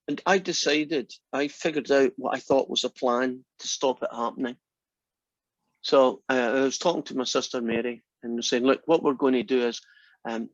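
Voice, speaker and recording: A math instructor with a medium-pitched voice tells his class a long, rambling anecdote in an animated way. The classroom recording is dull, dry and lo-fi, with no echo.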